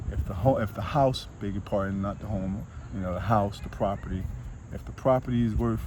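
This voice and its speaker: A man's voice: on the low side, mellow. A man, a financial coach, talking casually to camera, repeating his points and asking rhetorical questions. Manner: repetitive, emphatic, rhetorical questions. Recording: outdoor traffic noise.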